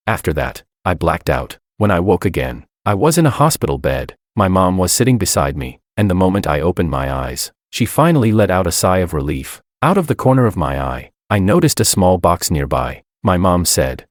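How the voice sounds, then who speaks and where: A man with a very deep voice narrates a first-person story with dramatic feeling. His pitch moves widely, rising and falling to shape each line. The recording is dry and close, with no room sound. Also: big pitch swings, normal speed, hardly any pauses, dry recording.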